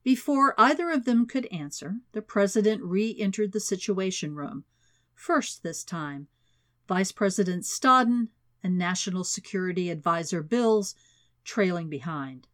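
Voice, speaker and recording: A woman reading a thriller audiobook as narrator, in a steady, even reading voice. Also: medium pitch, measured pace. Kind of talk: scripted narration.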